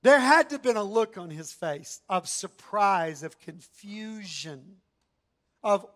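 A man preaching a sermon in an animated, emphatic, conversational way. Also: high-pitched, a little slow.

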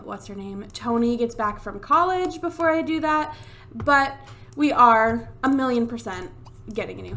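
A woman's voice: on the high side, fairly bright tone. A woman doing casual gameplay commentary on a USB desk mic, exasperated, swearing and scolding the characters on screen. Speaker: Let's Play gamer.

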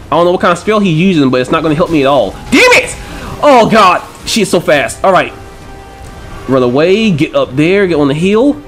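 A man giving excitable gameplay commentary, swearing and trash-talking enemies with frequent panicked outbursts. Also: fairly high pitch, brisk, soft background music. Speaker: gaming channel host.

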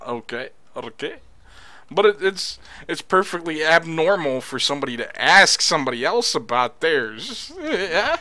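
A man's voice: a little high, big pitch swings, unhurried, sharp tone, dry recording. A man chatting casually in an online voice chat, joking and laughing often.

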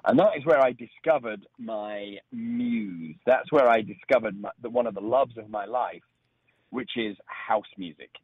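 Telling stories as a radio interview guest on a phone line, a middle-aged Englishman from Leeds talks in a northern accent. His mid-range voice is unhurried with a breathy edge and no echo, and he relaxes into the tales, often restarting.

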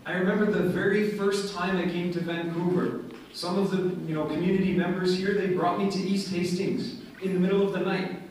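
A man's voice: high-pitched, little pitch movement, fairly quick, slight background noise. A man giving an earnest, story-driven speech at a community event in a large mosque hall. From Canada. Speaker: guest speaker. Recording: echoey hall heard from far off.

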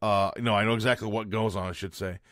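A man's voice: fairly low pitch, steady tone, fast, a bit bright, dry recording, studio quality. A man hosting a podcast, telling a story as a casual rant in a blunt, profane and exasperated way. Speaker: podcast host.

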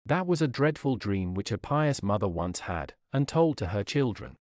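Guy reading an old sermon, solemn, big swings in pitch, dry studio sound. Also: sing-song, normal speed, a little mellow, no room sound. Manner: solemn, declamatory, rises and falls dramatically. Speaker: preacher.

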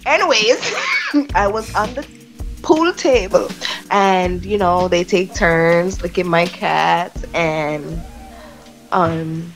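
A woman's voice: on the low side, slow pace, soft background music. A woman from Jamaica with a Jamaican accent, chatting as a podcast guest in a frank, profane, storytelling way. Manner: frank, profane storytelling with laughs and trailing fillers. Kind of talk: casual candid podcast chat.

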